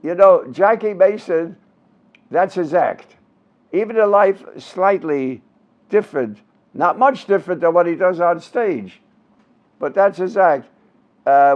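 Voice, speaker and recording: A man in his nineties from Brooklyn, telling showbiz anecdotes with punchlines in a casual interview. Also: a little high. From Brooklyn, New York. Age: 90s. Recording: dull lo-fi recording.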